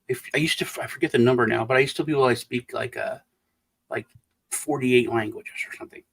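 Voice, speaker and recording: A middle-aged man in casual livestream conversation, rambling along. He restarts sentences and trails off while telling stories, at an average pitch. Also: steady tone, quick pace, creaky, fairly bright tone, breathy edge, low-quality recording. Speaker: co-host.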